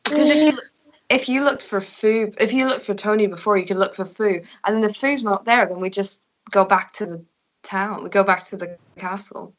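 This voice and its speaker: A woman playing a tabletop game, unsure and giggly, thinking out loud. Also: mid-range voice, normal speed, muffled recording, a little hiss or hum. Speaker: player. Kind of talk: casual tabletop play.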